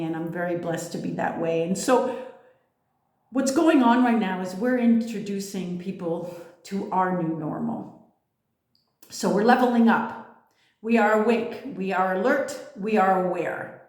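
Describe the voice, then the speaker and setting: A woman's voice: medium pitch, measured pace, darkish tone. A woman giving a casual spiritual monologue, blunt and emphatic, swearing freely. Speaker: spiritual vlogger. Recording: echoey room.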